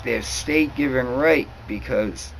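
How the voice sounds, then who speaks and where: A man's voice: mid-range voice, a little slow, creaky, a little hiss or hum, poor audio. A young man from New England in a rambling, heated, profane monologue to camera. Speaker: vlogger.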